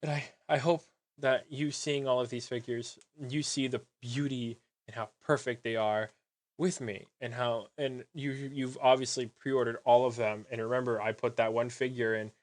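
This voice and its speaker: In a sarcastic vlog, a man reviews collectible figures, gushing with fake sentimentality and breaking into halting, trailing sentences. His medium-pitched voice barely moves in pitch.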